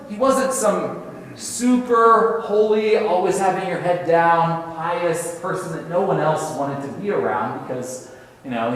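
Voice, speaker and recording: Man in his 30s telling saint stories with sound effects, echoey hall, far from the mic, bit high voice. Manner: storytelling, with sound effects and restarts. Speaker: religion teacher and speaker. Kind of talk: talk on saints. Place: large hall at a spiritual center.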